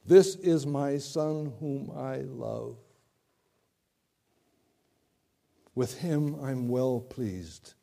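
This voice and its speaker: A man's voice: medium pitch, slow pace, creaky, dark tone, pitched below the performer's own voice. A man preaching voices God speaking from a cloud, commanding and solemn.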